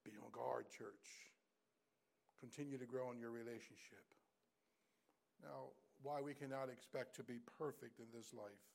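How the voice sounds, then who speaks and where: A man preaching to his church in a gravelly, fry-edged voice at an ordinary middle pitch. He builds to loud, emphatic calls, then drops to a hushed near-whisper, circling back to the same key phrases and addressing the room directly. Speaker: pastor. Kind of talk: sermon. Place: church service, also streamed online.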